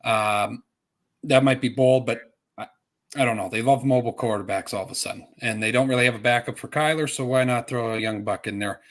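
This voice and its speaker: A man's voice: medium pitch, brisk, fairly bright tone. A casual male podcast co-host who rambles through his sports takes. He swears often and restarts his sentences with fillers.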